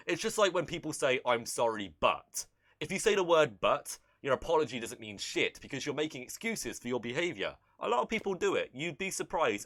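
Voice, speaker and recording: Man, livestream commentary host, sarcastic, lively pitch, bright tone. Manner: incredulous, sarcastic, swears freely.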